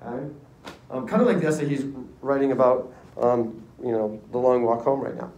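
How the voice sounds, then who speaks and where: A male history teacher telling a lively classroom story in casual slang, acting out voices. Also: mid-range voice, fairly quick. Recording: echoey room, distant mic.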